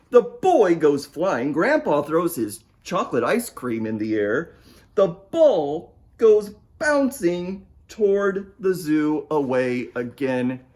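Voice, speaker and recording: A man reading his picture book aloud at storytime, playful and talking straight to young listeners. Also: on the high side. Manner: playful, talks to young listeners and asks them to join in. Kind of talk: storytime read-aloud for children.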